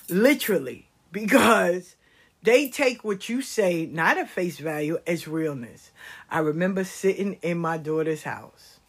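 A middle-aged woman and grandmother telling comic stories in a casual, animated, profane way, swinging between loud exclamations and hushed asides. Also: fairly low pitch, husky. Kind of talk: casual comic storytelling monologue.

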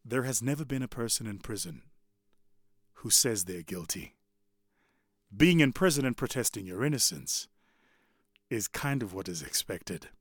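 A man giving a motivational talk in an animated, conversational way, often turning to the audience. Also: on the low side, normal speed, pauses often, dry recording, studio quality. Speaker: public speaker.

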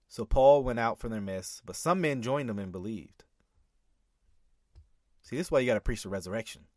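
A man gives animated reaction commentary, pushing back on a preacher with emphatic repeats and bursts of laughter. His pitch swings widely as he argues. The sound is dry and close. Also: moderate pace, pauses often, dry recording. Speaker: commentator reacting to a sermon clip. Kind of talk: reaction commentary with scripture reading.

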